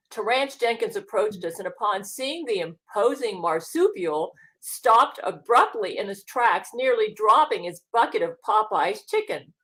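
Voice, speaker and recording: A woman reads her comic story aloud at an ordinary, mid-range pitch, her intonation rising and falling in lively arcs. The delivery is storytelling, with emphasis moving from phrase to phrase. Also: a little slow, hardly any pauses. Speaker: author reading her story.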